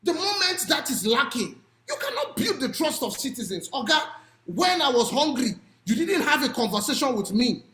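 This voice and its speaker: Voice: high-pitched, sing-song, moderate pace, a bit bright, echoey room. A speaker with a Nigerian accent giving an impassioned public talk on advocacy and policy, pressing points with rhetorical questions and sometimes raising the voice. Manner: emphatic, with rhetorical questions and occasional raised voice.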